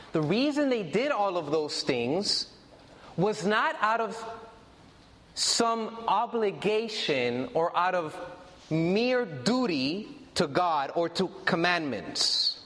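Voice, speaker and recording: A man preaching a sermon with a high, very animated voice that rises and falls through every phrase. He talks to the congregation directly, repeating and stressing his key points. The sound carries the long reverb of a large hall.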